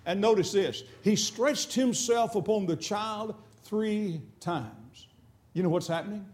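Man, middle-aged pastor, high-pitched, folksy and repetitive sermon delivery. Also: expressive, a little mellow. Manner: folksy, repeats words, slows for emphasis, reads scripture in old English.

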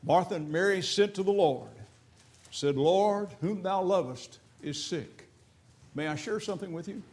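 A middle-aged pastor preaching in a high voice. He talks in a folksy way, repeating his words and stretching key lines slowly. He reads scripture in old-fashioned English. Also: a little mellow. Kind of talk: sermon.

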